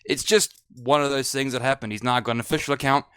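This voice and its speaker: A man's voice: medium pitch, fairly even intonation, fast, fairly bright tone, clear, resonant tone, no echo. A man on a gaming podcast panel, talking in a loose, rambling way with lots of "um" fillers and slangy asides. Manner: rambling, many "um" fillers, colloquial. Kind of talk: casual podcast chat.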